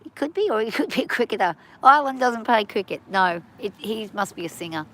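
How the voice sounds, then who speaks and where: A woman's voice: a little high, animated, brisk, a bit bright, slight background noise. A middle-aged Australian woman chatting casually on a farm livestream, rambling and laughing easily, a bit stuffy from hay fever.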